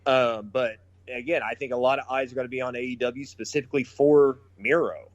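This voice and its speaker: In lo-fi audio, a man with a mid-range voice speaks fairly quickly while co-hosting a casual podcast. Excitable and freely profane, he chuckles his way through retelling funny moments.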